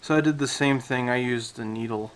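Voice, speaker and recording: A man casually talking through a scale model build, with relaxed, rambling speech and many fillers, a little out of breath. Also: mid-range voice, brisk, rough recording.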